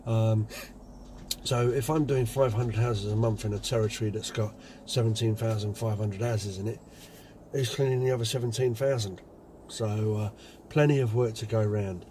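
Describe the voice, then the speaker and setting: A man's voice: lowish voice, steady tone, moderate pace, dark tone, a little hiss or hum. A man, a window cleaning business owner, telling anecdotes in a chatty casual vlog. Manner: chatty, anecdotal, many fillers.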